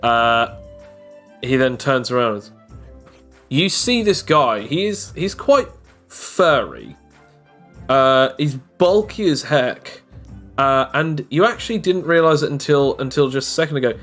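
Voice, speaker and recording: A man narrating as game master of a tabletop game, talking quickly and often repeating words as he goes. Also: mid-range voice, very animated, fairly bright tone, soft background music.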